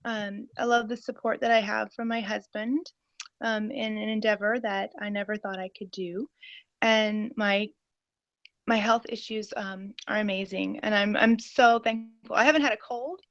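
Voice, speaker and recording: A woman's voice: mid-range voice, little pitch movement, unhurried, dry recording. A woman in her forties giving an eager, rambling personal testimony on a call, with many fillers. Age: 40s. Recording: dull, lo-fi and dry.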